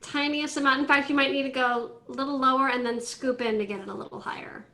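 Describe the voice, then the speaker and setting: A woman teaching an online violin class, coaching students through tuning in a brisk, directive way over a video call. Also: high-pitched, steady tone, pushed and bright. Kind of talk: online group class instruction. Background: faint violin notes from students.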